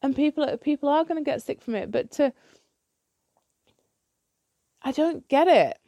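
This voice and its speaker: Woman, solo podcast host, blunt swearing rant; warm tone, dry close recording. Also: high voice, lively intonation, unhurried, creaky, no room sound. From United Kingdom. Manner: blunt, ranting, swears freely; repeats and restarts when heated.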